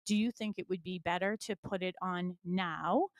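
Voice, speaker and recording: A woman with a New England accent hosting a radio show, talking in a chatty, animated way with lots of examples. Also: lowish voice, moderate pace, dry recording. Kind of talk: casual radio chat. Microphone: studio mic.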